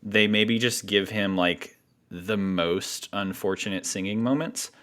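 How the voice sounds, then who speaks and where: A man's voice: fairly low pitch, unhurried, a bit bright. A man co-hosting a casual film podcast, chatty, with lots of fillers and restarts. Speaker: podcast co-host.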